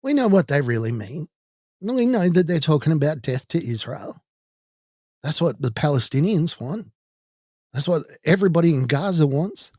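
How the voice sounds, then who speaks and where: Irish male podcast host, somewhat high voice, dry close sound, indignant storyteller. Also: very animated, moderate pace, a little mellow, dry recording. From Ireland. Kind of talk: personal monologue.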